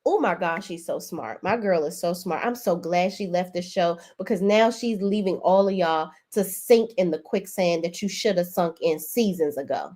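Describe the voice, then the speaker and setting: A woman's voice: on the low side, moderate pace, few pauses, mellow. A woman hosting a reality TV recap, talking in a sassy, profane, emphatic way. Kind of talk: casual profane commentary.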